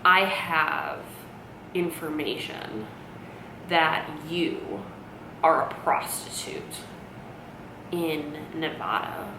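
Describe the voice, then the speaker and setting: A woman quoting her suspicious mother, who asks slow, insistent questions over and over as if posing riddles. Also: deep voice, animated, background noise, voice pushed down, exaggerated voice. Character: suspicious mother, cryptic and accusing. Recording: roomy, echoey room.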